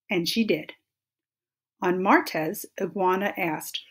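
A woman gently and expressively reading a children's picture book aloud. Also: lowish voice, unhurried, breathy edge. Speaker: storyteller. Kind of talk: children's storybook read-aloud.

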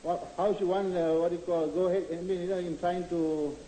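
A man in the audience of a lecture, asking his question haltingly with many fillers. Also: high-pitched, fairly even intonation, mellow. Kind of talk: question from the floor. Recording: echoey hall with faint hiss, archive tape.

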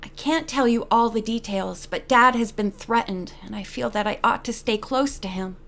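A woman's voice: a little high, moderate pace, gravelly, fairly bright tone. A woman reading the part of an earnest, worried young woman detective in an audiobook. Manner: earnest, eager.

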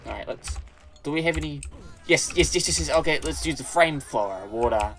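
Excitable man narrating his gameplay. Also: mid-range voice, normal speed, long pauses, slight background noise. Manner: excitable, exclaiming and swearing at the game; rambling, self-correcting. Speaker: gaming channel host. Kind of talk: let's play commentary.

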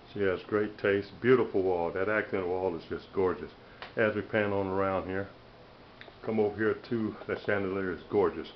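A man with a fairly low voice talks chattily and proudly while walking through rooms of a house. He's recorded on a handheld camera, so the sound is dull and lo-fi with a faint hiss underneath. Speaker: plaster artist. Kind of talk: casual walkthrough video. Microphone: handheld camera mic, filming himself.

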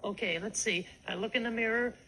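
A man voicing a cheeky, eager young boy ventriloquist dummy in a high, pinched voice on a scripted lesson record. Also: brisk, bright, forceful tone, breathy edge, heavily acted, poor audio. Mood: chirpy. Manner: chirpy, wisecracking, eager to try.

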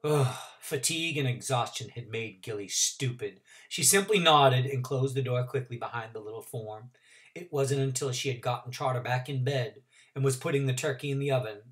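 A male teacher reading a novel aloud to his class in an expressive storytelling voice. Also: medium pitch, moderate pace, recorded from a distance.

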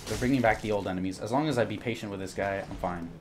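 A man's voice: fairly low pitch, very fast, background noise. A young man commenting on his own gameplay as he plays, jumpy and panicky, often repeating words in bursts. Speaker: gaming YouTuber.

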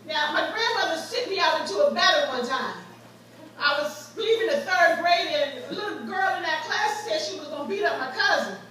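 Speaking a little fast in a very high, animated, sharp voice, a woman preaches as guest preacher in a church sanctuary. She tells personal stories with rising fervor, and the recording sounds echoey and far off.

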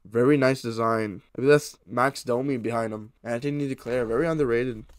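A man's voice: mid-range voice, brisk, dry recording. Chatty young man opening card packs. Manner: excited, chatty, talks to viewers. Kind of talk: casual pack-opening commentary.

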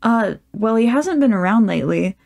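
A woman's voice: on the high side, animated, normal speed, gravelly, darkish tone. A woman voicing a flustered young man in a storybook reading, nervous and defensive.

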